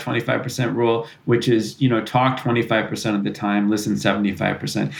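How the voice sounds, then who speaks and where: A man with a mid-range voice talks through parenting advice as a podcast guest. He explains things thoughtfully, often restarting a phrase. Now and then he slips into short acted-out exchanges between a parent and a child. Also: mid-range voice. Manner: thoughtful, restarts and self-corrects, acts out parent-child dialogue. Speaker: psychologist and author, podcast guest. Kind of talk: conversational explanation.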